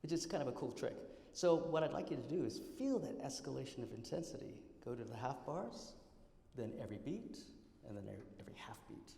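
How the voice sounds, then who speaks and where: A man's voice: mid-range voice, big pitch swings, fairly quick, gravelly. A man giving a public piano masterclass, counting beats aloud, scatting rhythms and explaining phrasing to a student. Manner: sings and scats rhythms loudly between quiet explanations. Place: recital hall. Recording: roomy hall, piano playing behind.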